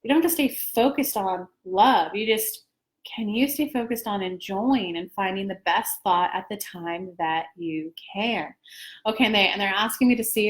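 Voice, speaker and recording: A woman's voice: medium pitch, natural voice. A woman voicing collective spirit guides in a channeled teaching, who speak of her in the third person and explain things.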